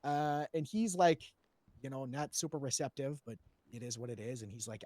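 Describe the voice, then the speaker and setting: A man's voice: medium pitch, normal speed, a little mellow, no room sound. A man recounting a roleplay story to a panel, rambling with lots of fillers and restarts and swearing freely.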